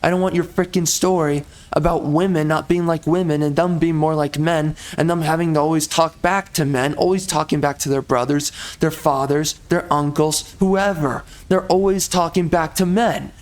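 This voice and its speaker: A man's voice: fairly high pitch, fairly even intonation, moderate pace, hardly any pauses. A man ranting as he commentates over gameplay, exasperated and heated, repeating himself and swapping in mild stand-ins for curses.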